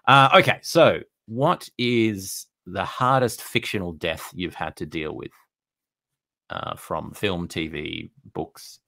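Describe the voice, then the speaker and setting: A man's voice: low voice, slow, vocal fry, pushed and bright, no room sound. A man with an Australian accent hosting a podcast interview, asking playful quiz-style questions. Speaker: podcast host.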